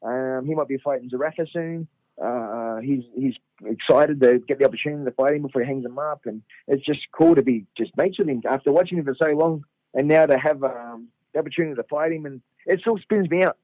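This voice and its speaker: Fast-talking Australian man telling yarns. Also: mid-range voice, no echo. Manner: animated, laughs and swears freely, acts out quotes. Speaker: guest, fighter. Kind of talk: casual anecdotal storytelling. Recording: dull lo-fi radio sound.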